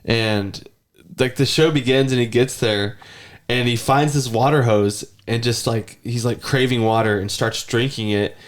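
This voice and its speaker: A man's voice: mid-range voice, steady tone, a little slow, hardly any pauses. Chatty man telling rambling stories. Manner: rambling storyteller, mimics his son's whiny voice. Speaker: podcast host. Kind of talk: casual chat.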